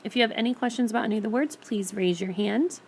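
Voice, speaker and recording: A woman teacher giving a recorded phonics lesson on a tablet screencast, patiently and clearly sounding out each word. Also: a little high, fast, a little mellow, slight background noise. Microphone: tablet screencast microphone.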